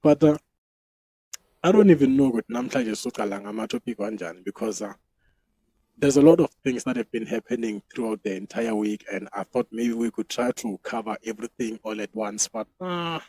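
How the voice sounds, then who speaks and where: A man's voice: mid-range voice, animated, brisk, mellow, husky, rough recording. A South African man hosting his own show, talking loosely and profanely and laughing at himself. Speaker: podcast host. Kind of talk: casual solo commentary.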